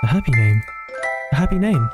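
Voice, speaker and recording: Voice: mid-range voice, fairly quick, loud music behind the voice, close to an everyday voice. A woman doing a robotic American dove. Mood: welcoming. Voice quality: flat and robotic. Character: friendly dove local welcoming travelers.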